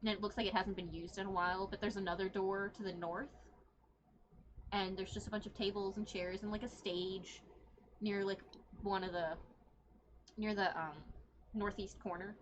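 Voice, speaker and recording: A woman's voice: mid-range voice, steady tone, moderate pace, long pauses, lo-fi sound, slight background noise. Rambling woman running a tabletop game. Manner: rambling, many fillers. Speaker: game master.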